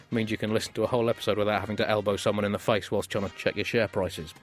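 British man in his thirties, comedy podcast host, dry deadpan delivery, faint music underneath. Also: on the low side, racing, hardly any pauses. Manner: dry, deadpan delivery with bursts of mock outrage. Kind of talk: satirical comedy banter.

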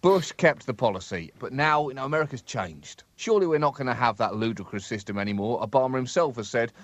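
A man co-hosting a satirical comedy podcast, delivering wry, deadpan asides with bursts of emphasis. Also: medium pitch, fast talker, no room sound.

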